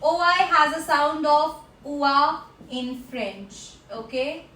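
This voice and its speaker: A woman teaching a French class, slowly repeating each word for her learners. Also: high-pitched, sharp tone. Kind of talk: classroom language lesson. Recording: echoey room.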